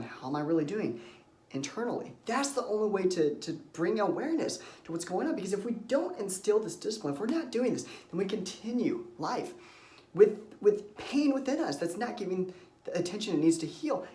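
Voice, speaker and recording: A man's voice: a little high, darkish tone, reverberant. A man who works as a confidence coach gives an earnest, reflective self-help talk and shares personal stories.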